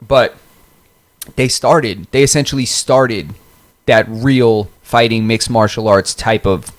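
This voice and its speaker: A man's voice: mid-range voice, slow. A man co-hosting a podcast, telling a rambling story in casual chat, full of slang and swearing. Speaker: podcast co-host.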